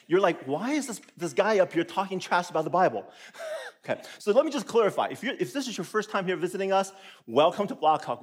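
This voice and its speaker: A man preaching a sermon as a pastor in a church, animated and playful, acting out his listeners' reactions. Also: fairly high pitch. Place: church auditorium.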